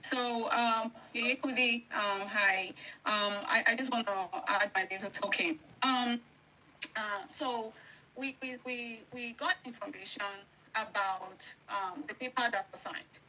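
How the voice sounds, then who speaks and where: A Nigerian woman guest speaks in a bright, slightly high voice. She talks hesitantly, with many fillers and restarts. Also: fairly even intonation, measured pace, a little hiss or hum, poor audio.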